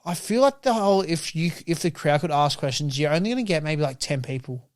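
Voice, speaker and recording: A young man co-hosting a podcast in casual chat, animated and acting out quotes with swearing. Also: fairly high pitch, fairly quick, no room sound, studio quality. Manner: animated storyteller, acts out quotes loudly. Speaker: podcast co-host.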